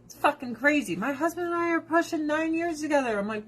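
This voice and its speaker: A woman with a fairly high-pitched voice chats casually while trying skincare products she sells. She rambles, swears freely and laughs often, with blunt opinions. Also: brisk, a bit bright. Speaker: direct seller of skincare products.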